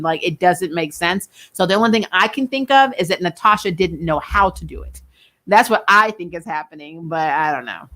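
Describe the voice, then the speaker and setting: A woman's voice: low voice, a bit bright. A young adult woman hosting a casual live-stream chat about TV shows, talking loosely, laughing often and trailing off mid-sentence. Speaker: host of a TV review channel.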